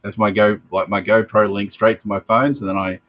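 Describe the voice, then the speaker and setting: A man's voice: on the low side, flat delivery, fairly quick, dry recording. A man chatting casually as a guest on a live show, rambling and tossing in joking asides. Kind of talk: casual chat. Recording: dry muffled lo-fi stream audio.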